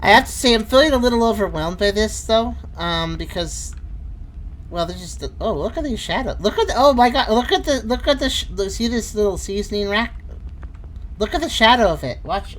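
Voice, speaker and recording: A woman's voice: medium pitch, lively intonation, fairly quick, slight background noise. A woman giving casual let's-play commentary, exclaiming and thinking aloud as she plays. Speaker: gameplay commentator.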